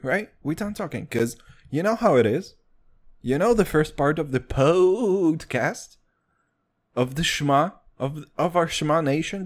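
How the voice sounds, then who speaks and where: This young podcast host chats loosely, drifting between subjects and joking constantly. He curses a lot, and his voice lurches up and down in pitch.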